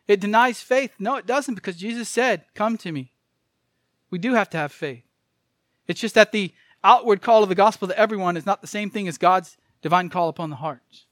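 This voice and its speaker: A male preacher with a high, fairly bright voice gives an earnest sermon, pressing each point and repeating key phrases. The recording is dry and close, without room echo.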